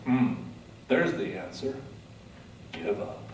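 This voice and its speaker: A man giving a motivational speech, telling his story dramatically, swinging from hushed to loud. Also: lowish voice, slow pace, distant mic, a little hiss or hum. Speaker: motivational speaker. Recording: echoey hall, mic from afar.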